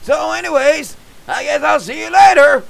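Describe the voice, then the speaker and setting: A man doing comedic gameplay commentary in a goofy, dim-witted yokel persona with folksy slang, bursting into excited shouts. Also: very high voice, normal speed, creaky, low-quality recording. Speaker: gamer vlogger.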